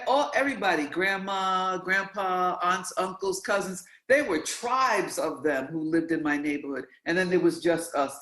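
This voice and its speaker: Animated man telling a story in an echoey room. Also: on the high side. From New York. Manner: animated, acts out quoted voices. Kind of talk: conversational storytelling. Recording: roomy echo.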